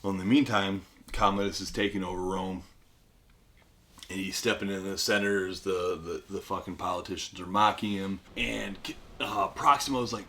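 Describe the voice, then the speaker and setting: Low-voiced man profanely recapping a movie. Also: steady tone, normal speed. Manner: rambling, profane, acts out lines in shouty bursts. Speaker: podcast guest retelling a film.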